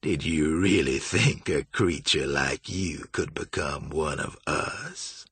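A man's voice: a bass voice, fairly bright tone, no room sound, voice pushed down, heavily acted. A man playing a cold, amused vampire. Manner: smooth, slow, chilly amusement. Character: sophisticated cruel male vampire, cold, amused.

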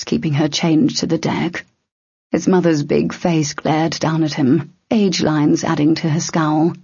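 Brief: female audiobook narrator, fairly low, husky voice, dry close recording. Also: steady tone, measured pace, darkish tone, no room sound. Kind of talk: scripted narration. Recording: dull lo-fi audio.

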